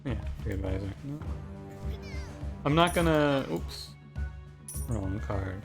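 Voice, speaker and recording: A man's voice: mid-range voice, animated, slow pace. A man giving casual gameplay commentary, rambling and joking as he often cuts himself off mid-sentence. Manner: rambling, jokey, self-interrupting. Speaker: gaming commentator. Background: background music.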